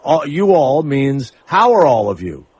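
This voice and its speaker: Older guy hosting call-in radio, husky, joking around with callers. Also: mid-range voice, big pitch swings, unhurried, darkish tone. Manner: brash, teasing and joking. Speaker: radio talk show host. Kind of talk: casual call-in radio banter.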